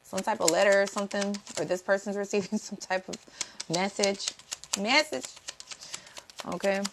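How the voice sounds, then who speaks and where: A woman's voice: mid-range voice, little pitch movement, fast, gravelly, background noise. A woman giving a casual tarot reading, blunt and profane, repeating herself for emphasis and greeting viewers in the chat. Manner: talks to live chat viewers. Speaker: tarot reader.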